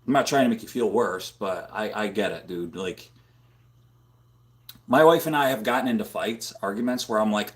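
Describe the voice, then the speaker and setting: A man hosting a casual livestream from a home room, rambling and filling his talk with "dude" and "like," close on a boom-mounted microphone. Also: moderate pace. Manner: rambling, filler-heavy, says "dude" and "like" a lot. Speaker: livestream host. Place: home room full of computer monitors.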